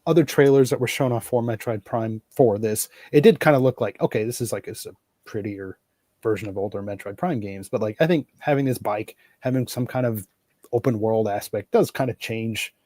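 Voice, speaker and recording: A man's voice: medium pitch, a little fast, mellow, no room sound. Easygoing man hosting a podcast, dry mic. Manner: easygoing, laughs often, hedging fillers. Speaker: podcast host. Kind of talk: casual chat.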